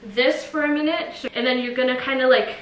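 Woman vlogger, slightly high voice, casual and breathless, roomy echo. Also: steady tone, fairly quick. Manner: chatty, lots of filler "like". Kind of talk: casual demonstration. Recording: echoey room, faint noise.

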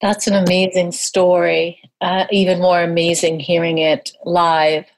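A woman's voice: lowish voice, little pitch movement, a little slow. A woman hosting a podcast, asking encouraging questions of her guest. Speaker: podcast host. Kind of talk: interview questions.

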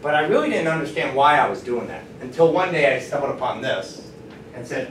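A man teaching a math class, lively and encouraging, often asking the students questions. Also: mid-range voice, a little fast. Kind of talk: classroom lecture. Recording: roomy classroom from far off, faint noise.

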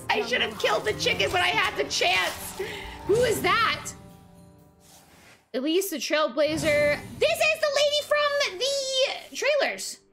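A young woman streaming a card game, excitable and laughing often as she reads card text aloud. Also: very high-pitched, takes it slowly, over music. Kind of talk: live game commentary.

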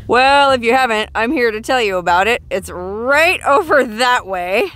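A woman hosts a chatty travel vlog in the open desert, her voice a touch high. She tells stories playfully, leaning hard on dramatic words, while faint music plays underneath. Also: a bit bright. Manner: theatrical, playful storyteller with dramatic emphasis. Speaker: travel vlogger host. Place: outdoors in the desert.

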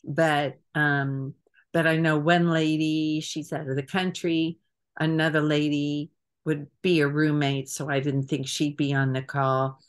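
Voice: medium pitch, flat delivery, unhurried, smooth. A trip organizer on a video call giving a casual meeting briefing, chatty and hesitant with frequent fillers.

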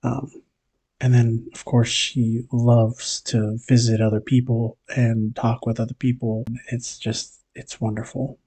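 A man giving a casual family update on his vlog, talking hesitantly with lots of pauses and restarts. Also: medium pitch, little pitch movement, warm tone, husky. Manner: hesitant, many fillers and restarts. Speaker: vlogger.

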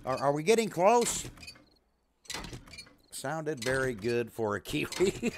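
Male streamer, lively pitch, casual banter with his chat. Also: very slow, pauses often, slight background noise. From USA. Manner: chatty, talks to his chat and his dog, jokey. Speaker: streamer playing a survival game.

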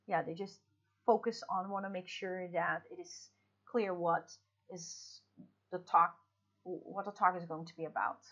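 A woman's voice: mid-range voice, a bit bright, muffled recording. A woman teaching English in a recorded online lesson, explaining patiently with fillers and restarts.

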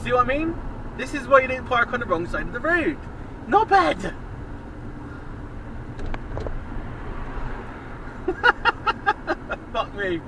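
A man's voice: very high voice, very animated, normal speed. Sweary ranting man in a car. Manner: sarcastic, sweary, exasperated. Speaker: dash cam vlogger. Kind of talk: ranting commentary while driving. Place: inside a car on city roads. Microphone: dash cam mic. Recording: distant voice over loud road noise.

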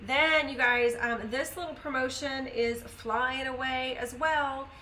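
Live-sale host, woman, bright and higher-pitched, chatty with viewers, faint hiss underneath. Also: steady tone, a little slow, far from the mic, rough recording. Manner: chatty, greets viewers by name, upbeat pitch. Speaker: live-stream craft seller. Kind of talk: casual live sales chat. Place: home.

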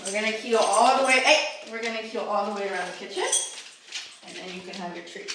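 A woman vlogs casually from her home kitchen, chatting a little fast in a medium-pitched voice while cooing at her puppy and giving it training commands. The room is echoey, with background noise.

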